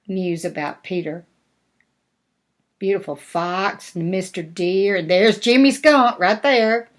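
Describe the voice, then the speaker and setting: An older woman, a grandmother, reading a storybook aloud to her grandchildren in a gentle, chatty way with asides. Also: mid-range voice. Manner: slow, gentle, chatty with asides and little laughs. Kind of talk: storybook read-aloud to children.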